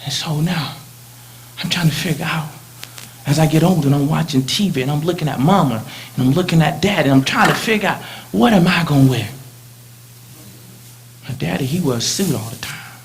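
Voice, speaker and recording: A male preacher delivering a sermon in a dramatic way, swinging from loud lines to hushed ones as he tells a story in the first person. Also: fairly high pitch, a little fast, long pauses, slight background noise.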